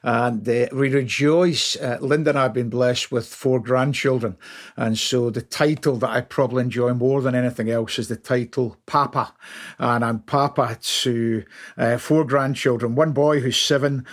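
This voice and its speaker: A Scottish man in his sixties, a podcast guest, speaking warmly and reflectively about family. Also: medium pitch, fairly even intonation, moderate pace. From Scotland. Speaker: training director, guest. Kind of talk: casual interview chat.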